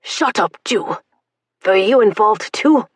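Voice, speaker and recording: A woman voicing a harsh male German soldier who barks shouted commands. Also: mid-range voice, expressive, takes it slowly, husky, no room sound. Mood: barking.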